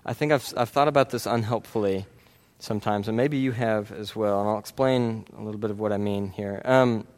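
A man delivers a sermon in an earnest, conversational manner, often checking in with the congregation through frequent "right?" tags and restarts. His voice is lowish, fairly quick, with few pauses.

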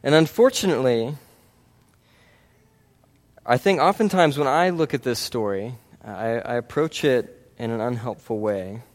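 With a medium pitch and a measured pace, a man preaches to his congregation. He comes across as earnest and conversational, leaning on frequent "right?" tags and restarts to check in.

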